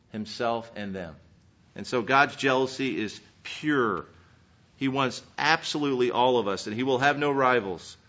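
A man preaching a sermon, earnestly reading scripture and swinging between emphatic peaks and quiet, searching questions. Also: medium pitch. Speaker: pastor. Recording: dull lo-fi sermon recording.

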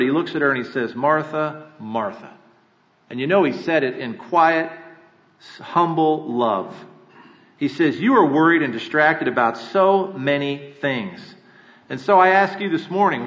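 An earnest male pastor preaching in a church sanctuary, his voice sitting a little high. He presses his points with rhetorical questions and repeated words. The sound is dull and lo-fi, with a long reverb trailing through the hall. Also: a bit bright. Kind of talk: sermon.

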